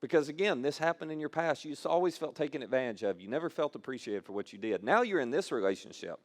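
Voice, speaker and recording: A man's voice: a little high, lively intonation, fast talker. A male pastor giving a conversational sermon. He repeats phrases for emphasis and acts out quoted lines as he talks.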